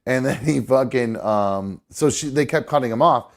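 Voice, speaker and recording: A man of middle pitch hosts a live studio talk show. He rambles loosely from one story to the next and swears without a second thought. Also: moderate pace, gravelly. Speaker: podcast host. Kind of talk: casual live show chat.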